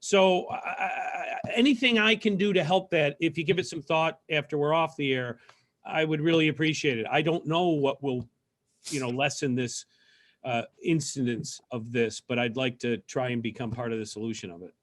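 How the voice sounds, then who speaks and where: A man's voice: on the high side, normal speed, a bit bright. A man hosting a civic talk show over a video call, earnest and musing as he interviews guests. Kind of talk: casual interview chat.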